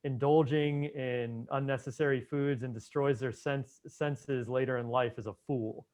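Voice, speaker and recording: A man's voice: mid-range voice, steady tone, measured pace, a little mellow. A man who is an Ayurvedic doctor, chatting casually as an interview guest, with lots of "you know" fillers.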